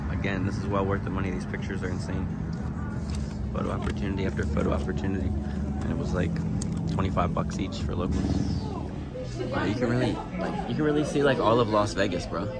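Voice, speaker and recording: A young man casually vlogging in an excited, slangy way, repeating himself as he talks. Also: low-pitched, fairly quick, long pauses, over a noisy crowd, heavy background noise. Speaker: travel vlogger. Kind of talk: casual vlog commentary. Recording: loud music behind.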